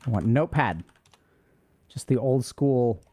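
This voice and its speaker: Male streamer, mid pitch, loose rambling delivery, chatting with viewers. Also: lively intonation, measured pace, a little mellow. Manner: loose and rambling, talks to chat. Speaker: streamer answering chat questions. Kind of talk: casual livestream chat.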